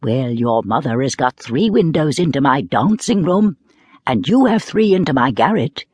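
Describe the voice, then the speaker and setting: A woman giving voice to a gentle, lofty wind spirit. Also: very deep voice, normal speed, breathy edge, no echo, full character voice. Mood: reproachful. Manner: calm, reasoning, faintly reproachful. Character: gentle, towering female wind spirit, slightly cross. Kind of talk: storybook reading.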